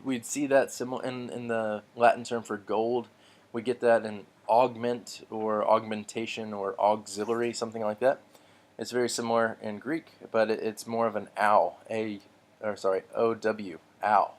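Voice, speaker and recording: A man teaching a relaxed lesson on Greek pronunciation, patient and slow, with frequent ums and restarts. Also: on the low side.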